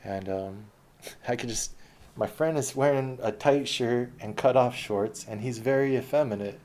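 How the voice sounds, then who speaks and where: A man's voice: mid-range voice, a little slow, a little mellow. A man telling a long personal story in a casual, rambling, profane way.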